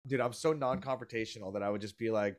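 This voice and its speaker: A man from the American South chatting on a podcast, excitable and crude. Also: lowish voice, fast, a crowd in the background. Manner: excitable, swears freely. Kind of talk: casual profane podcast chat.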